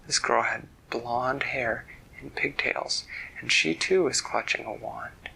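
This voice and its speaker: A man telling an improvised bedtime story in a soft, hushed voice, stopping to explain words. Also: mid-range voice, takes it slowly, creaky, breathy edge, poor audio.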